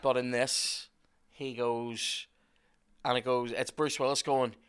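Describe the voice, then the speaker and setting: A man hosting a podcast, chatting casually and telling sweary, animated stories. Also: mid-range voice, slow pace, clean tone. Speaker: podcast host. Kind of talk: casual chat.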